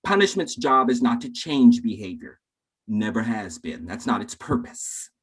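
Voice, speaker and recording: A man delivering a keynote to a room of teachers, his delivery lively and swooping. His voice carries a husky edge as he speaks straight to the audience, storyteller style. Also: medium pitch, normal speed. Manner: dramatic storyteller who acts out voices; talks directly to the audience.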